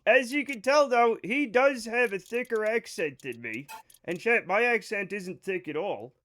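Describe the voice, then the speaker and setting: A man live-streaming a game, talking to his chat in a loose, rambling way. His voice sits high and rings bright, with casual swearing. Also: expressive, a little slow.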